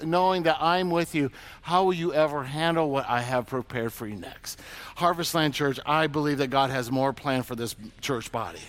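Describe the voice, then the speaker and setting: A man's voice: a little high, a bit bright, smooth, no echo. A man preaching a sermon in a casual, conversational way, acting out people's complaints and God's replies. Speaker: pastor.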